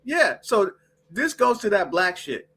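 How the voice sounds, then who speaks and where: A woman co-hosting a podcast in casual chat, profane, blunt and animated. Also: mid-range voice, a little slow, slightly rough. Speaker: podcast co-host.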